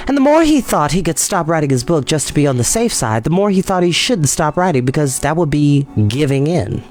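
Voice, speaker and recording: A man reading a children's book aloud, in a lively way with chatty asides. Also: a little high, a little fast, few pauses, soft background music. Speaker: storyteller.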